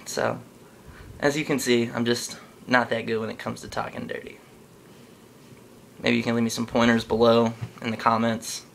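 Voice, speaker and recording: A man's voice: mid-range voice, flat delivery, normal speed, vocal fry, long pauses, fairly bright tone, a little hiss or hum. A young man vlogging a comic monologue, awkward and self-deprecating in a jokey way. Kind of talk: comedic vlog monologue.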